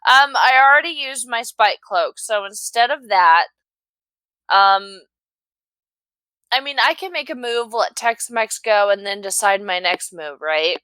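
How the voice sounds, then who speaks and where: A woman plays a tabletop game with a bright, lively voice, a little high, her pitch swinging widely. She talks slowly, laughing and swearing, loosened by a few beers. The sound is dry and close. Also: clear, resonant tone, no room sound. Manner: lively, laughing, swearing, has been drinking. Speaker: player. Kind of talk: casual game chat.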